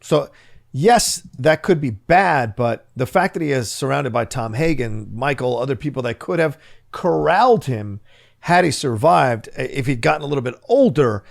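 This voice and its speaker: A man's voice: medium pitch, lively intonation, moderate pace, creaky. A man co-hosting a podcast, arguing a point about a film character with passion and emphasis. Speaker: podcast co-host. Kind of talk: casual film discussion.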